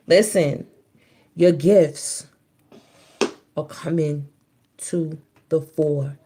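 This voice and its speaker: A woman's voice: low voice, steady tone, very slow, long pauses, warm tone, a little hiss or hum. A woman giving a casual spiritual reading on a livestream, in a loose, chatty way. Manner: loose and chatty, breaks off to scold children.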